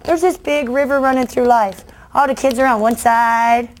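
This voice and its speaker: A middle-aged woman, a children's book author, giving a playful, animated talk to education students and quizzing the audience. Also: on the high side, moderate pace, slight background noise.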